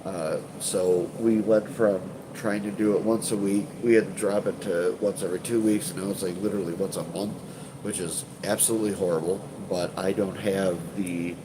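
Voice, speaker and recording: A man's voice: sits low, steady tone, normal speed, background noise. A man with a stuffed-up voice chatting casually to viewers on a live stream, rambling and hesitant with many fillers and restarts, swearing offhandedly. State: congested, stuffed up. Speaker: urban exploration channel host.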